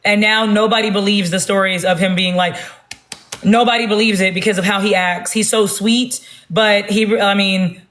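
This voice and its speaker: A woman talking loudly and bluntly in a casual livestream rant on her phone. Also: mid-range voice, fairly even intonation, moderate pace. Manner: loud, blunt and emphatic.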